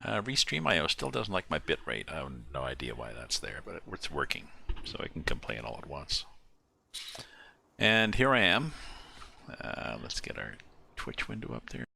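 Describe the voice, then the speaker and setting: Very deep, gravelly male game streamer. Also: very animated, sharp tone, slight background noise. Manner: thinks aloud, mumbling asides and working sums out slowly. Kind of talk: casual live-stream commentary while playing. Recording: music playing clearly behind the voice. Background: background music.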